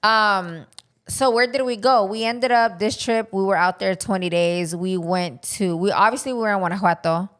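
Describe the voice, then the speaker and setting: A woman co-hosts a casual podcast in a smooth, clear voice. She chats easily and lists things off one after another. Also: medium pitch, normal speed, a bit bright. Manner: chatty, listing things off. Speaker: podcast co-host. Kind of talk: casual chat.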